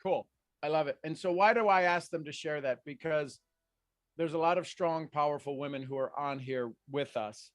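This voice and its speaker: A man coaching a group on a video call, energetic and repeating his commands over and over. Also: fairly high pitch, normal speed, no echo, studio quality. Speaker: life coach.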